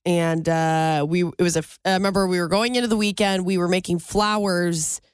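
A woman co-hosting a talk show, telling a story in casual chat and jumping into higher voices when she quotes people. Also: moderate pace, clean tone, no room sound. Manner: animated, jumps high when quoting people. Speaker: radio show co-host.

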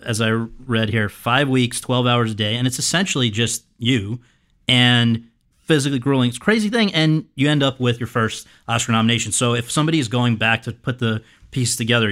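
A man's voice: mid-range voice, a bit bright. A man hosting an interview, asking long, effusive, conversational questions. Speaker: host.

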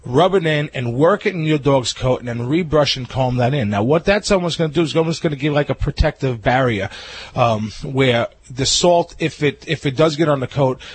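Husky-voiced man giving grooming tips. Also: medium pitch, normal speed. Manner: chatty, joking, many fillers. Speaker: pet grooming expert guest. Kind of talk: radio talk show advice.

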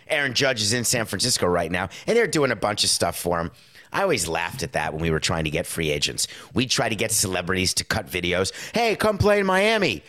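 A middle-aged man delivering a casual commentary monologue, lively and acting out quotes in put-on voices. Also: deep voice. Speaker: sports and movie commentator.

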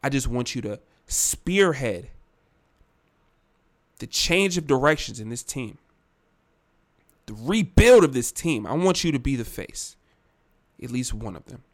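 A man's voice: mid-range voice, sing-song, a little slow, pauses often. A man doing a pleading team owner making big promises. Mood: earnest. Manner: earnest, persuasive, makes big promises. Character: pleading male team owner courting his star.

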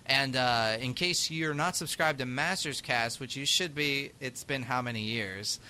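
A man's voice: medium pitch, unhurried, pushed and bright. A man hosting a podcast in casual chat, laughing often while he gives plugs and thanks listeners. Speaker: podcast host.

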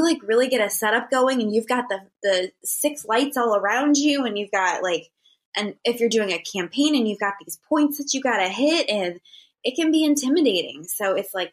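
A woman guest in a casual interview, telling stories in an animated way with many fillers. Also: medium pitch, moderate pace. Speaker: guest, YouTuber.

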